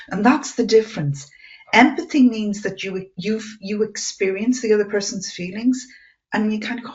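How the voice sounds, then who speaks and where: A woman speaking as a coaching expert on a webinar panel, earnest and animated, often restarting sentences. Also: mid-range voice, moderate pace, muffled recording. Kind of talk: conversational webinar talk.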